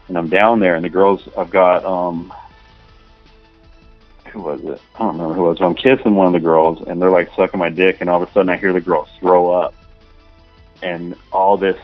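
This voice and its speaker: A man talking casually in an interview, rambling and crude, filling every pause with "you know" and "man". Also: deep voice, dry recording, phone-quality sound. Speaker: adult film performer guest.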